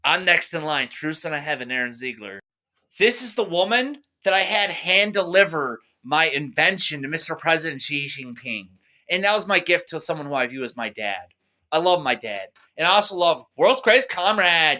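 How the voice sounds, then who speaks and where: Young male vlogger, boastful rambler, bright voice pitched slightly high. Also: moderate pace. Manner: boastful, rambling, excitable, repeats himself. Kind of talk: rambling monologue to camera.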